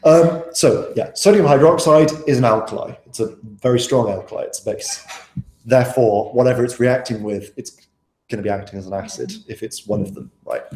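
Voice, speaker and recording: A young man tutors students through an exam paper in an easygoing, chatty way, often turning questions back to them. His voice is mellow and of middle pitch. The sound is roomy and echoey. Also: a little fast. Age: young adult. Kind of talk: live online tutoring session.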